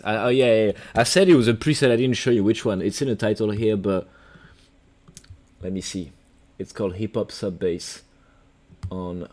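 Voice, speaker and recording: A man's voice: low-pitched, brisk. A man with a French accent, a music producer giving a casual, rambling, playful livestream tutorial.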